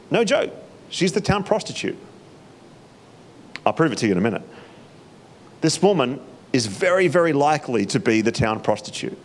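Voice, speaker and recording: Male pastor, animated sermon delivery, expressive pitch swings. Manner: animated, acts out reactions with laughs.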